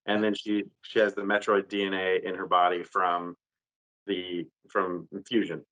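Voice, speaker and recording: A man on a podcast, retelling a video game ending in an animated, rambling way with lots of fillers and some cursing. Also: deep voice, a little slow, dull audio. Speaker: podcast co-host. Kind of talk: casual chat.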